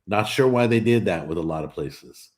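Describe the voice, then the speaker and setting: A man hosting a casual live stream, reading out viewer comments and answering them in an animated, talkative way. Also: deep voice, moderate pace. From California. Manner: talkative and animated, with frequent restarts. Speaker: host of a cooking live stream.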